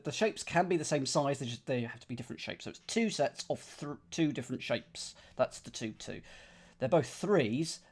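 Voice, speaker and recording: A man streams a puzzle game and reasons out each level aloud. He counts squares under his breath and talks casually to his viewers. His voice sits in an ordinary middle pitch. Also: darkish tone. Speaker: gaming streamer.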